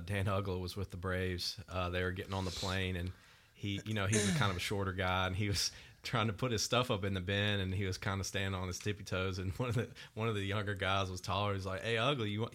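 Deep, bright-toned man telling an anecdote. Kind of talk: podcast interview.

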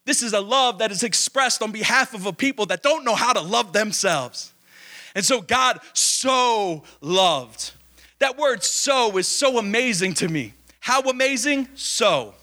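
A man's voice: high-pitched, pushed and bright. A man preaching a sermon, emphatic, asking questions and answering them himself, stretching key words.

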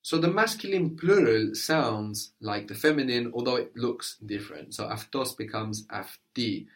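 A man's voice: medium pitch, a little slow. A man teaching a language lesson, patiently prompting and encouraging his student.

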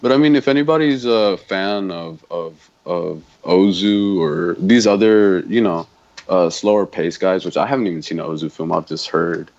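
A man's voice: deep voice, normal speed, a little mellow. A man co-hosting a podcast, chatting casually about films in a rambling way with many fillers. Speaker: podcast co-host. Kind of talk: casual film chat. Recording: dull lo-fi audio.

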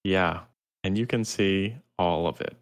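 Deep voiced dude cohosting, dry deadpan asides, chill podcast chat. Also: male voice, measured pace. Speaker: podcast co-host. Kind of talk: casual chat.

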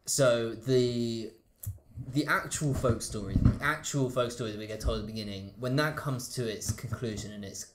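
A man's voice: medium pitch, normal speed. A man chatting casually about a film, rambling and enthusiastic with many fillers. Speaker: podcast co-host. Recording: echoey room with faint hiss.

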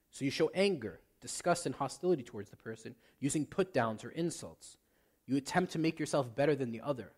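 A man, a priest, preaching a sermon and acting out arguments between spouses. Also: on the high side. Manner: animated, acts out quarrels in quoted voices.

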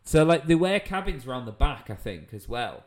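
A young man chatting over a video call, telling animated stories and laughing often. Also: mid-range voice, moderate pace. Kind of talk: casual chat.

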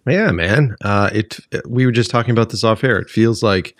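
A man hosting a podcast in casual chat, rambling with fillers and restarts, tired and slow from a late night. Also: on the low side, a bit bright, dry recording, studio quality. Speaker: podcast host.

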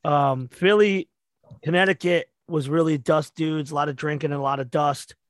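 A man's voice: on the high side, fairly even intonation, normal speed, no room sound, studio quality. A man hosting a podcast, asking loose questions with fillers and some swearing. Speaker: host. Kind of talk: casual podcast interview.

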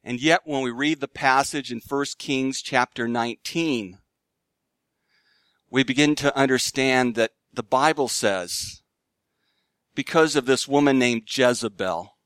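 A man preaching a sermon in an earnest style, rising to emphatic highs and dropping to hushed lows. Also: unhurried, clean tone, dry recording. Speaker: pastor.

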